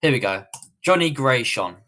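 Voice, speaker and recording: A man's voice: medium pitch, expressive, moderate pace, pushed and bright. A man with a British accent answering viewer questions on a livestream tutorial, in a casual, rambling way with many fillers and restarts. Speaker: online coach.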